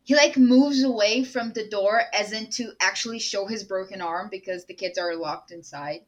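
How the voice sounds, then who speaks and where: A woman's voice: mid-range voice, moderate pace, rough recording. A woman playing a tabletop role-playing game, describing her character's actions in a casual, joking way. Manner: casual, joking, mid-scene asides. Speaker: player.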